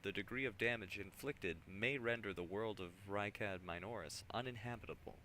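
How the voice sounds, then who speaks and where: A man's voice: lowish voice, normal speed, pushed and bright, slight background noise. A man voicing a solemn, zealous male tech priest, reading the lines in a formal, stiff way. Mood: grave.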